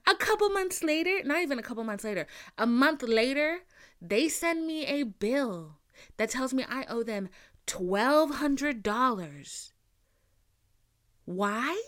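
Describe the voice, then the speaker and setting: A woman's voice: high-pitched, slow pace. A young woman podcast host telling a story in a casual, blunt, profane rant, acting out the other people's lines as she goes. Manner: blunt, profane, animated retelling with mimicked quotes.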